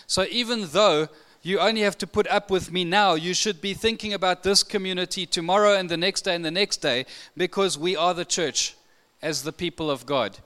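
High bright-voiced male preacher. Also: clean tone. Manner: expressive, rising to emphatic when quoting scripture. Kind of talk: sermon.

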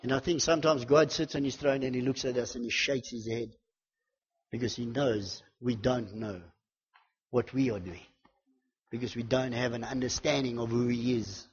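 A man preaching a sermon with a fervent delivery, swinging from loud declarations to hushed intensity and building repeated lists and refrains. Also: mid-range voice, steady tone, moderate pace, breathy edge, long reverb tail, muffled recording.

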